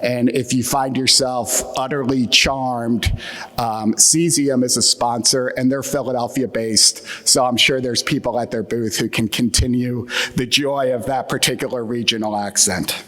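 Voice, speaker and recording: A man's voice: mid-range voice, fairly even intonation, unhurried, a bit bright. An American man with an Atlantic Midland accent gives a conference talk with dry, self-deprecating humor. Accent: Atlantic Midland American English. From United States. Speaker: conference keynote speaker. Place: conference hall. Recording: long hall reverb.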